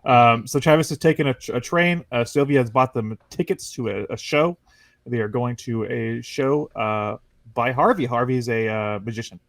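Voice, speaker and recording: A man's voice: mid-range voice, moderate pace, creaky, no room sound. A man hosting a casual gaming podcast, telling stories animatedly and laughing often. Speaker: podcast host. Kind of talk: casual chat.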